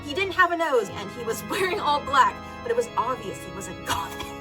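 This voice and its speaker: A woman's voice: sits high, big pitch swings, fairly quick. A young woman giving a theatrical, comedic reading, with laughing asides and sarcastic commentary, over background music. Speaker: reader. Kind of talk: comedic dramatic reading of fan fiction.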